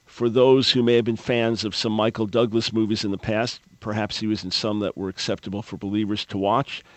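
A man's voice: lowish voice, flat delivery, fairly quick, dry recording. A man hosting a talk radio show, delivering an opinionated monologue with sarcasm and frequent stammered restarts.

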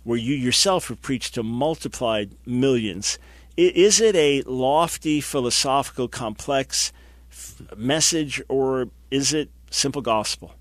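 An emphatic man hosts a religious talk show, driving his points home with repeated phrases. His voice sits in an ordinary middle pitch and sounds dry and close to the mic. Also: animated, measured pace, no echo. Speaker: host. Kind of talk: broadcast Christian talk show.

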